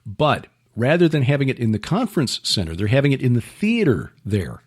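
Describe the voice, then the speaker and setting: A man's voice: mid-range voice, big pitch swings, a little fast, breathy edge. A man hosting a podcast, chatting casually about upcoming events with many fillers and restarts. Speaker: podcast host. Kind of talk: casual chat.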